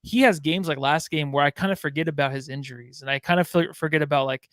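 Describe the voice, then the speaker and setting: A man with a fairly high voice co-hosts a casual sports podcast. He rambles loosely, throwing in swearing and filler. The sound is dry and close. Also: fast talker, fairly bright tone, no room sound. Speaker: podcast co-host.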